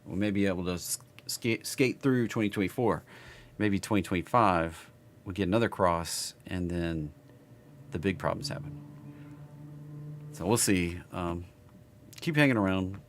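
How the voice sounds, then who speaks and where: A man's voice: low voice, unhurried, pauses often, a little hiss or hum. A man with a Southern US accent giving casual live market chart commentary, rambling and thinking aloud as he works. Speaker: market analysis streamer.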